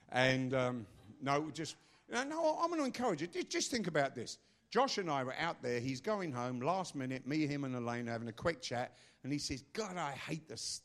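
An older man preaching a sermon in a forceful way, swinging between loud bursts and low asides.

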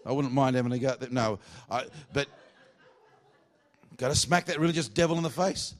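A man with an Australian accent preaching a revival sermon to a congregation, jokey and exuberant, swinging from hushed asides to shouts. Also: medium pitch, a little fast. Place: church hall before a congregation.

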